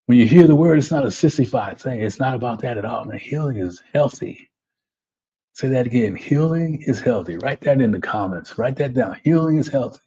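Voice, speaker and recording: A man's voice: mid-range voice, expressive, fast talker, few pauses, mellow, slightly rough. A man hosting a live webinar as a life coach, giving a motivational talk and tagging his lines with "right?" and "man.". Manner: repetitive, keeps asking "right?" and saying "man". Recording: dull lo-fi audio.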